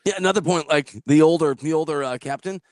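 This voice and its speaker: A man hosting a casual podcast who tells stories in a lively way, laughs often and acts out the people he quotes. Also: fairly high pitch, quick pace, dry recording. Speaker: podcast host. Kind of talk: casual storytelling chat.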